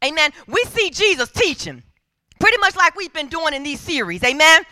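A woman's voice: high voice, very animated, moderate pace, sharp tone, dry recording. A woman preaching a sermon in a church, driving her points with repeated calls for agreement from the congregation. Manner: emphatic call-and-response preaching.

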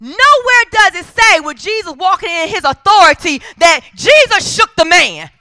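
In a fervent sermon, a woman preacher presses each point with repeated calls for the congregation's response, an emphatic call-and-response style. Her voice is very high, bright and forceful, sing-song in tone at a moderate pace. It is recorded close and dry.

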